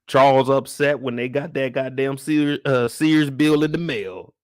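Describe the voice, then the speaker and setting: A mid-pitched man with hosts an episode breakdown in a lively, animated way. He slips in and out of quick impressions of the characters as he talks. The sound is close and dry, with no room around it. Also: no echo. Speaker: show recap host.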